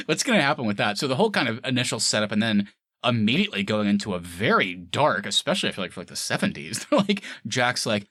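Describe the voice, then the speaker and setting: Animated man with a bright voice. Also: mid-range voice, brisk, no room sound, clean studio sound. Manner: animated, acts out scenes in quoted voices, laughs often. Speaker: podcast co-host reviewing a film. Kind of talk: casual chat.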